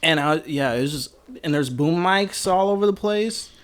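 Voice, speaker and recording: Man, podcast co-host, slightly high voice, casual chat, laughs a lot, rambling. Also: lively intonation, normal speed. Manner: laughs often, rambling and joking.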